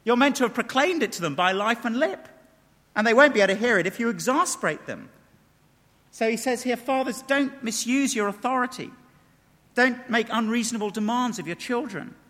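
A high, bright-voiced man preaches a sermon with emphasis, tossing out rhetorical questions. His voice rings with the long reverb of a large hall. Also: expressive, fairly quick. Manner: emphatic, rhetorical questions, reads quotes aloud.

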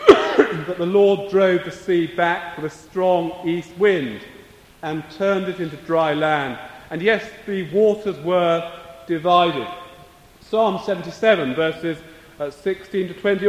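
A man preaching a sermon, slow and measured, coughing now and then. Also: sits high. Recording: echoey hall, voice from a distance.

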